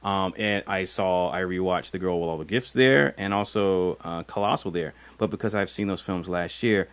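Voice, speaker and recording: A man with a fairly low voice co-hosts a casual film podcast. He talks in a rambling, thoughtful way, circling back with fillers and restarts as he weighs his picks. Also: normal speed, smooth. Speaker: podcast co-host.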